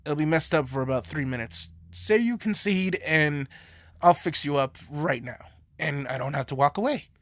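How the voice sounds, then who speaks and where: A man voicing a frantic, excited young man in love, talking in breathless, urgent bursts. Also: on the high side, normal speed, dry recording, natural voice. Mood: calm.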